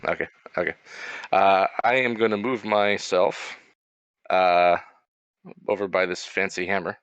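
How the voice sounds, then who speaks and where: A man playing a tabletop game, hesitant and often clearing his throat as he describes his turn. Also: low-pitched, steady tone, unhurried, fairly bright tone, no echo, highs cut off. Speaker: player. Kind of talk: casual tabletop play.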